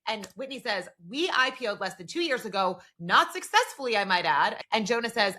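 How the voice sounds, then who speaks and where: A woman's voice: mid-range voice, fairly quick, hardly any pauses. A woman co-hosting a podcast, recapping a TV episode in casual chat and acting out the characters' lines. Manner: animated, recounts dialogue in quoted voices. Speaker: podcast co-host.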